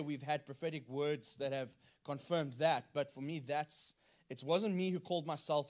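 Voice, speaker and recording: A man with a slightly raised pitch speaks earnestly as a church planter on a panel discussion. His talk is plain testimony and relaxed. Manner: earnest, retells with acted quotes.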